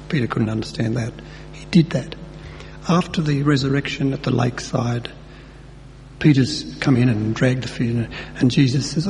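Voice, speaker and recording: Preacher in a reverberant hall. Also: male voice, mid-range voice, normal speed, a little mellow. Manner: conversational, acts out dialogue with colloquial asides. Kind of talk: sermon. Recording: long hall reverb, faint hum.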